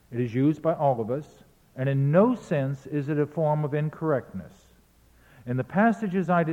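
Brief: precise male lecturer, a bit high, mellow tone, self-correcting. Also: long reverb tail, muffled recording. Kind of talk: spoken lecture on recordings and verse.

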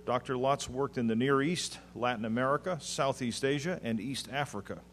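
A man hosting a conference session, smoothly reading a prepared introduction of the next speaker. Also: mid-range voice, slight background noise. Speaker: conference host.

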